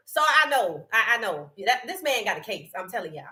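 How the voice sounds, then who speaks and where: A woman chats on her live sports stream. Her bright voice swings widely in pitch, and she laughs often as she greets viewers by name. She talks in a relaxed, casual way. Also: brisk. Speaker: livestream sports host.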